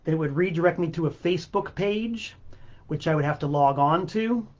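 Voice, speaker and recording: A man's voice: on the high side, moderate pace, muffled recording. Fed-up man ranting on a livestream. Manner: exasperated, sarcastic, swearing. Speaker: host of a music livestream show. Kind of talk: livestream rant. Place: home studio with a backdrop. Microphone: webcam mic.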